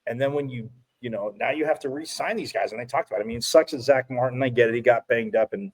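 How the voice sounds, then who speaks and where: Rambling animated sports-talk man. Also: medium pitch, fast. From from Phoenix area. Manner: rambling, restarts, animated storytelling. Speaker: sports talk show co-host.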